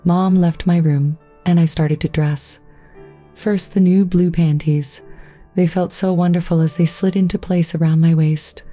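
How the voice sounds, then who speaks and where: Steady low-voiced woman narrating a story. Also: measured pace, soft background music.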